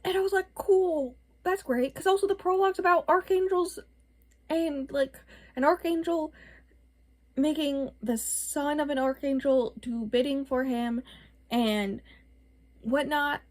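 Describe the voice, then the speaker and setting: A woman's voice: high voice, unhurried, long pauses. A young woman vlogging a casual, exasperated book rant, with lots of "like" and "um". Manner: animated, exasperated, lots of filler words. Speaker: book reviewer.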